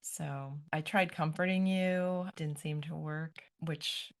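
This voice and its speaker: A middle-aged woman, a grandmother, talking as a podcast guest in a gentle, thoughtful way, often pausing to find her words. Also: low voice, fairly even intonation. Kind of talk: reflective podcast conversation.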